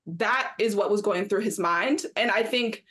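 A woman's voice: medium pitch, a little slow, fairly bright tone. A woman co-hosting a sports talk show, arguing her point emphatically and acting out quotes in mocking voices. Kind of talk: studio discussion.

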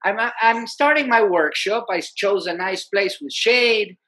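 Speaking a little slowly in a high-pitched voice, this guest, a musician and peace activist, recounts a story animatedly and conversationally, sprinkling in lots of "you know."

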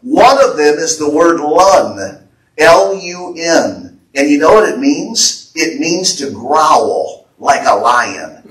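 A man's voice: on the high side, sing-song, slow, a bit bright. A man with an American accent preaching a fervent sermon and relaying prophetic words as the pastor. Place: church sanctuary. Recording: echoey church hall, voice from a distance.

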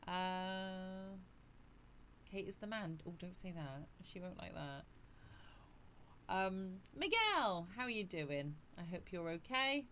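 A woman with a slightly low voice, chatting breezily on a casual livestream. She greets viewers by name and laughs easily. A faint hum of noise sits behind her voice. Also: expressive, takes it slowly, a bit bright. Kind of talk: casual live chat reading out viewer comments.

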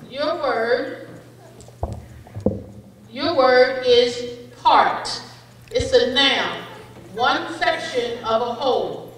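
A woman reading spelling words, definitions and example sentences to children at a school spelling bee, speaking deliberately and kindly over a microphone. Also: on the high side, fairly bright tone. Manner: slow, deliberate word reading, kind to children. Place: school event hall. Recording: echoey hall from far off.

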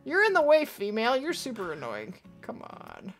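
A woman hosting a live gaming stream, chatty and excitable, talking to her chat and to the game. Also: on the high side, normal speed, soft background music. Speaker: livestream host.

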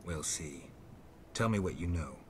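Geralt, terse gruff monster hunter. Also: male voice, very deep voice, measured pace, slight background noise. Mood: curt. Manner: terse, flat, clipped delivery. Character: gruff grim middle-aged male monster hunter. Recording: game audio with music behind.

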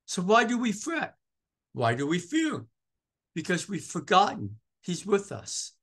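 In a church, a pastor from Maine delivers a sermon in a high, slightly rough male voice, moving unhurriedly through huge pitch swings. He shifts between loud, emphatic calls and hushed, tender passages, repeating phrases for emphasis.

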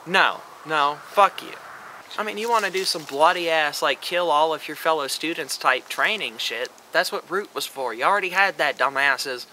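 A man's voice: on the high side, moderate pace, bright, forceful tone, slight background noise, low-quality recording. A man vlogging a ranting commentary, sarcastic and profane, mocking what he criticizes.

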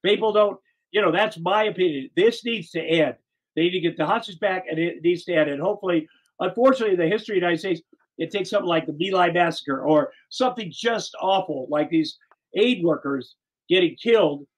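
A talk show host, a man with a slightly high voice, chats casually about politics. He rambles earnestly and restarts his sentences often. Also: brisk, poor audio.

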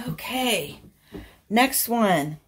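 A woman crafting vlogger chatting casually through an unboxing, gushing with excited exclamations. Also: mid-range voice, extremely slow, slight background noise.

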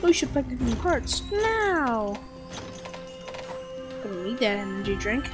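Playful young woman, higher voice, gaming chatter. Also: sing-song, takes it slowly. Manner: jokey, talks to herself, bursts into loud outbursts. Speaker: gaming streamer. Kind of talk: casual gameplay commentary. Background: game music.

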